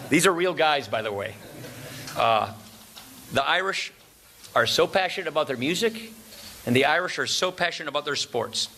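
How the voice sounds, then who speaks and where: A man's voice: fairly high pitch, lively intonation, pushed and bright, slight background noise. Joking man giving a luncheon speech. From Wisconsin, USA. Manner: jokey, pauses for laughs after punchlines. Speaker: speaker at a formal luncheon. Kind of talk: formal speech with jokes. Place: large banquet room. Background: audience laughter and room ambience.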